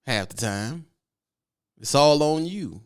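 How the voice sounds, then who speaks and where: A man who streams about trucking, talking in an animated, slangy, teasing way and reading chat aloud. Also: on the high side, takes it slowly, smooth. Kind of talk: casual live-stream chat.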